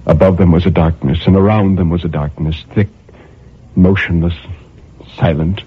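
A low, husky male voice reads a dark first-person tale, brooding and then bursting out with feeling, his pitch swinging widely. The recording is tinny and narrow, like a phone line. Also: fairly even intonation, moderate pace. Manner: brooding, with impassioned outbursts. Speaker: narrator. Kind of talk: dramatic first-person story reading.

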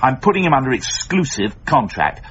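A pompous, scheming newspaper editor who talks his way around everything. His voice rises and falls with animated swings. The radio recording sounds dull and lo-fi. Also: mid-range voice, moderate pace, slight background noise. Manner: pompous, smooth-talking. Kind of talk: radio sitcom acting.

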